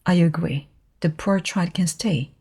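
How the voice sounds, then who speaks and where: A woman's voice: lowish voice, unhurried, warm tone, breathy edge, exaggerated voice. A woman voicing a stern, strict farm woman. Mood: firm. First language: Korean. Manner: firm, cross, no-nonsense. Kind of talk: audiobook reading of a novel.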